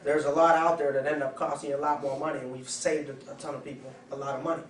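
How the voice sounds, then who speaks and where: Male sales trainer, high voice, animated and coaching, recorded far off in an echoey room. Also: quick pace. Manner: animated, acts out customer dialogues.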